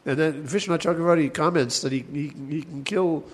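A man teaching a class on verse, thinking aloud with many restarts and chanting lines slowly. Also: on the high side. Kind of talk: class lecture on Sanskrit poetics.

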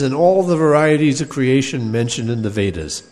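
A man giving a scripture class, explaining texts in a measured way and pausing over quoted verses. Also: mid-range voice, lively intonation, a little mellow. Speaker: teacher of Vedanta scripture. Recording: long hall reverb.

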